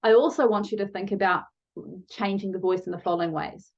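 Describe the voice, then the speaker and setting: A woman's voice: medium pitch, steady tone, a little fast, highs cut off. A woman coaching viewers in a motivational video lesson, talking to them directly and shifting her pace for emphasis. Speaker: online challenge coach.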